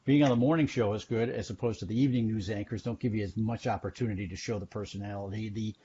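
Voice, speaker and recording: A man's voice: fairly low pitch, fairly even intonation, quick pace, warm tone, a little hiss or hum. Talkative man in his sixties, muffled call. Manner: chatty storyteller, self-deprecating, many restarts. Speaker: TV news guest. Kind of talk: casual interview chat. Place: at his home. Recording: dull lo-fi call audio.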